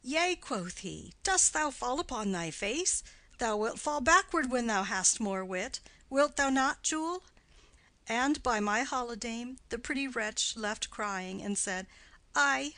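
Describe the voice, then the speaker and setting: A woman's voice: slow pace, no echo, full character voice, poor audio. A woman reading as a rambling old nurse. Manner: rambling, high and loud when excited. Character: garrulous old female nurse, rambling, doting. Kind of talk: audiobook play reading.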